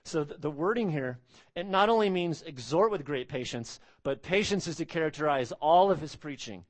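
A man's voice: a little high, animated, moderate pace. A man preaching an expository sermon, emphatic, repeating phrases and asking rhetorical questions.

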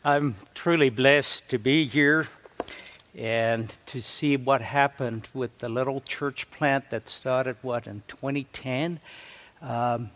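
A man from Africa, a visiting pastor, preaching a sermon with lively storytelling and acted-out quotes of church members. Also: medium pitch, slow pace. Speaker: guest pastor.

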